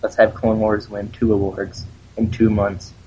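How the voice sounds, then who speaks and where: A man's voice: fairly low pitch, little pitch movement, a little slow, darkish tone, slightly rough. A man co-hosting a casual fan podcast, chatting and joking in a rambling way that trails off. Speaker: podcast co-host. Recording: muffled lo-fi podcast audio.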